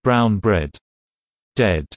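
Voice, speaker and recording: A man reading slang terms and their meanings in a measured, deliberate teaching delivery. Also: lowish voice, animated, dry recording. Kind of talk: slow explanatory reading of word pairs.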